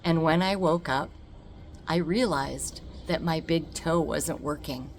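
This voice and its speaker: A woman telling a personal story to camera, animated and emphatic, acting out the dialogue and repeating words for effect. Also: low-pitched, slow, a little hiss or hum. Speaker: vlogger.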